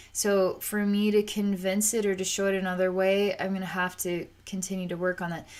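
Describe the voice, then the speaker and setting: Woman psychic, mid-range voice, talks through a vision in soft, searching, halting phrases. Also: mid-range voice. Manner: halting and searching, with frequent restarts. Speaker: psychic reader. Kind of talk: narrating a psychic vision in real time.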